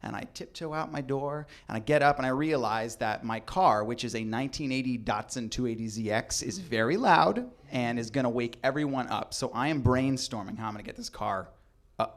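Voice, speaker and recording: A young adult man telling a comedic true story, animated and acting out the people in it. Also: mid-range voice, brisk. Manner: animated, acts out voices in quotes.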